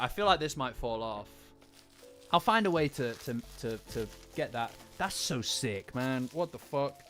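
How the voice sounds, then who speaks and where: An excitable male streamer chatting casually with his viewers and swearing freely. His pitch leaps all over as he gasps and exclaims. Soft music plays faintly behind him. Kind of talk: casual live-stream chat. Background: faint background music.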